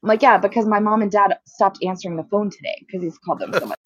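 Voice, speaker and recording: A young woman co-hosting a casual chat, telling an exasperated story and acting out quotes with big jumps in pitch. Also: steady tone, fast, no echo, muffled recording. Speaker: co-host.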